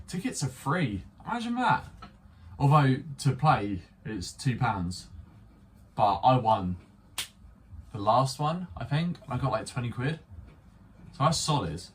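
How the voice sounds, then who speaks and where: A man's voice: medium pitch, far from the mic, a little hiss or hum. A young man rambling through an unscripted toy review, swearing and poking fun at himself. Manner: rambling, sweary, self-mocking. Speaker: vlogger reviewing a spinning top toy.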